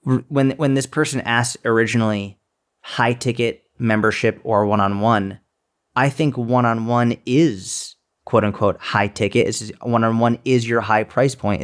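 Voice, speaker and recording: A man's voice: mid-range voice, steady tone, moderate pace, clear, resonant tone. A man co-hosting a podcast in casual chat, blunt and profane, mocking people with put-on quotes. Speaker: podcast co-host. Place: seminar speaker, fitness business coach.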